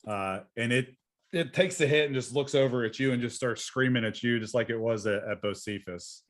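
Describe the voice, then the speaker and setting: A man of medium pitch running a tabletop game, describing the action in a chatty, halting way. He breaks into laughter often as he tells the scene. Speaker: game master.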